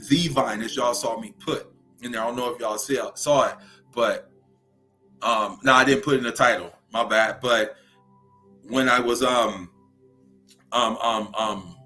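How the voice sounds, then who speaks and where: A young man with a Louisiana Southern accent hosts a spiritual livestream, unhurried and preachy, often pausing to ask his viewers "right?". His pitch sits at an ordinary middle level while he stretches out his words. Soft music plays faintly behind him.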